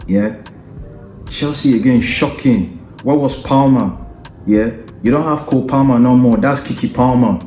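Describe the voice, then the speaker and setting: Faint music sits behind a warm, medium-pitched male voice in an echoey room, moving at a measured pace. The man hosts a football podcast, ranting with strong opinions in a taunting, combative way and leaning on repeated tags such as "yeah?" and "you understand?".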